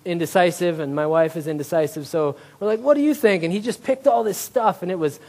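A man's voice: a little high, brisk, darkish tone. A male pastor preaching a conversational sermon, often checking in with "right?" and joking about himself. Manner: conversational, tag questions like "right?"; self-deprecating humor.

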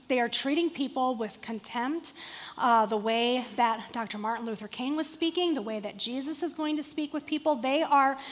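High-voiced woman preaching in a hall. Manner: conversational and animated, acting out quotes. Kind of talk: sermon. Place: room with a seated congregation.

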